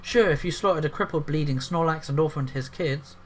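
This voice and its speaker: A man's voice: fairly high pitch, brisk, slight background noise. Sarcastic man reading aloud, cursing asides. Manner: sarcastic, profane interjections. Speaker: YouTube commentator. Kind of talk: reading an article aloud with commentary.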